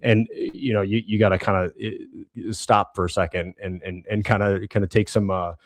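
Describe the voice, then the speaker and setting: A man's voice: lowish voice, steady tone, no room sound. A man co-hosting a podcast, explaining ideas in casual conversation with frequent restarts and fillers. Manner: halting, many restarts and fillers. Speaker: podcast co-host.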